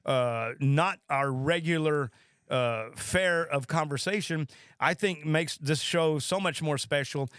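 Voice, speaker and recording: A South Texas man hosts a podcast with eager, stumbling enthusiasm, repeating words as he goes. His voice is smooth and a little high. The sound is dry. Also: slow, fairly bright tone, no room sound. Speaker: podcast host. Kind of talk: casual podcast chat.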